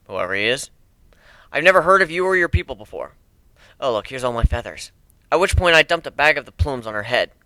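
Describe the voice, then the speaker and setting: A man's voice: medium pitch, pushed and bright, clean tone, dry recording. A man reading a story aloud in the first person, brash and crude with a casual swagger. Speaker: amateur reader.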